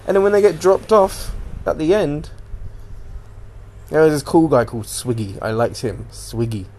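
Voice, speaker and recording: A man's voice: on the high side, moderate pace, darkish tone. A man hosting a casual solo podcast, rambling and swearing as he animatedly retells what he watched on TV. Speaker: podcast host.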